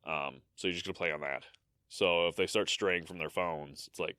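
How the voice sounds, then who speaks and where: A man co-hosting a casual podcast, talking in an animated way, swearing freely and restarting his sentences. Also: low voice, normal speed, clear, resonant tone, no echo, studio quality. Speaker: podcast co-host. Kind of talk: casual chat.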